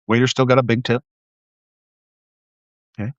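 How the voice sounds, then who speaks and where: A middle-aged man hosts a casual livestream monologue, telling stories and jumping into exaggerated voices for the people he quotes. His voice sits at an ordinary pitch. The recording is dry and a little dull, with a lo-fi edge. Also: normal speed, no echo. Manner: animated storytelling, acts out quotes in a raised voice. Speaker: live stream host. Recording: slightly dull lo-fi sound.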